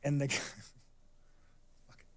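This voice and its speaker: A man talking as a guest, telling stories in a casual, rambling way. He swears constantly and restarts his sentences a lot. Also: very slow. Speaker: interview guest. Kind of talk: casual storytelling.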